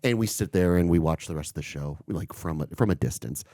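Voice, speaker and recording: A man's voice: low voice, a little fast, mellow, no echo, clean studio sound. A man co-hosting a podcast, telling a long story in casual chat and swearing freely. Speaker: podcast co-host.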